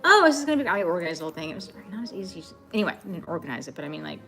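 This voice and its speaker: A woman's voice: low voice, racing, vocal fry, faint music behind. A woman chatting and teasing her husband in their home kitchen while he cooks. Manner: teasing, laughing. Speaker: host's spouse. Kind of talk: casual chat.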